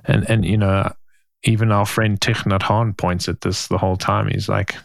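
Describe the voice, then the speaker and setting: A man with a low voice and a gravelly fry talks earnestly in a relaxed podcast conversation. He repeats words while gathering his thoughts, and the recording is dry. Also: moderate pace, no room sound. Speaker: podcast co-host. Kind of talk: casual reflective conversation.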